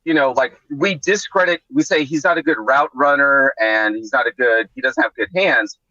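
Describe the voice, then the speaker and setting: Bright-voiced man rambling over a dull call. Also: mid-range voice, moderate pace, dry recording. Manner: rambling, restarts often. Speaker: guest on a sports podcast. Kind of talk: casual sports discussion.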